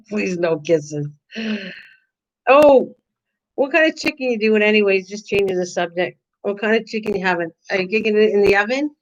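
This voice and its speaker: A woman's voice: mid-range voice, animated, moderate pace. Older woman host, playful and teasing, chatty live-stream banter, slightly muffled lo-fi sound. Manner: teasing, chatty, answers viewer comments. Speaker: channel host. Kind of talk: casual live-stream chat.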